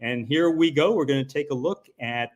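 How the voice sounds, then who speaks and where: Guy hosting a live stream, laid back, lots of ums, reads chat comments, middle pitch. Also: moderate pace. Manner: relaxed, filler-heavy, reading viewer comments. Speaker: host.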